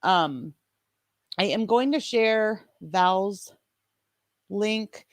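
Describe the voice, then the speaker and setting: A woman's voice: medium pitch, expressive, very slow, no echo. A woman hosting a livestream, chatting casually and enthusiastically about other creators. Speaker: livestream host.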